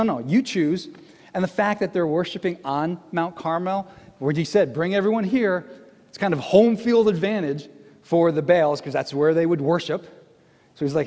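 Male pastor, sermon, animated storyteller, higher-than-average voice, big echoing sanctuary. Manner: animated, jokey storytelling with acted quotes. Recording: long reverb of a large hall.

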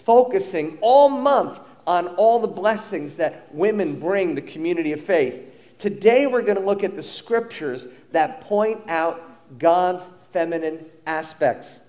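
Middle-aged male pastor from Long Island, lively sermon delivery, pitched high for a man. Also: a little slow. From Long Island, New York. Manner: animated, emphatic preaching with bursts of loudness.

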